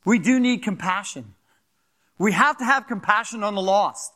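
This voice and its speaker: Fast, animated older pastor from Philadelphia. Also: male voice, high voice. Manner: animated, fast-talking, asks the crowd "right?". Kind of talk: sermon.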